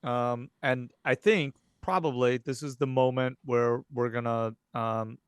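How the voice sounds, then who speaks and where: A man guides players through a tabletop horror game as the game master, his voice smooth and resonant. He narrates with many pauses and restarts, close on a dry mic. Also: medium pitch, fairly even intonation, no echo. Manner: hesitant, many fillers and restarts.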